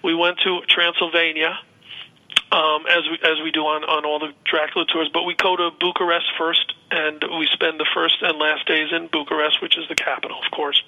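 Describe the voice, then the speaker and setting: Bright-voiced high man on a phone line. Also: flat delivery, normal speed. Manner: rambling, upbeat, many restarts. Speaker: guest, paranormal tour organizer. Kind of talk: casual radio interview.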